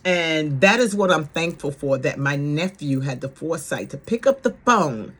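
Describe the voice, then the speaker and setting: A middle-aged woman from New York City with a New York accent, telling her viewers a family story in a blunt, animated, profane way. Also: low-pitched, moderate pace, slightly rough. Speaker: vlogger.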